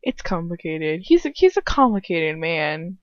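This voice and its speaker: A woman's voice: on the low side, sing-song, a little slow, dry recording, lo-fi sound. A teenage girl reading aloud and chatting between passages, giggly, rambling and swearing. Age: teens. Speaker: audiobook reader. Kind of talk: casual chat and reading aloud.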